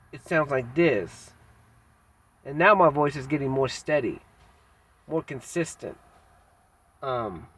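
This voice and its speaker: A man in a candid personal vlog monologue, talking in a halting, reflective way with frequent pauses and fillers, blunt and self-critical with casual slang. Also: a little high, fairly bright tone, slight background noise. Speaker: vlogger.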